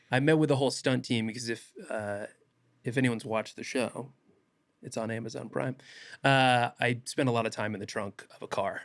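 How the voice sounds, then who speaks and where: A young man, an actor guest on a podcast, telling stories in a casual animated way and acting out quotes. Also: medium pitch, moderate pace, dry recording. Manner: animated, laughs often, acts out quotes. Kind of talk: casual podcast interview storytelling.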